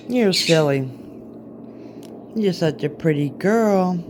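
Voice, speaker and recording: A woman's voice: fairly low pitch, animated, takes it slowly, long pauses, noisy background. A woman talking baby talk to her pet parrots at home, coaxing them to step up and speak to the camera. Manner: sing-song baby talk to pet birds. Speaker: channel host showing her parrots. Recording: loud parrot squawks behind.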